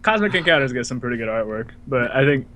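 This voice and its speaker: A man's voice: medium pitch, fast talker, slight background noise. A man co-hosting a casual gaming podcast, joking around and laughing often. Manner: jokey, laughs often, excitable. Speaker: podcast co-host. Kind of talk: casual chat.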